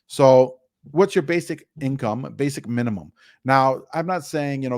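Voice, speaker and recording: A man's voice: mid-range voice, lively intonation, normal speed, hardly any pauses, darkish tone, dry recording, studio quality. A man guest on an interview podcast, giving blunt, down-to-earth money advice with the odd swear word. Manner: blunt, down-to-earth, mildly profane.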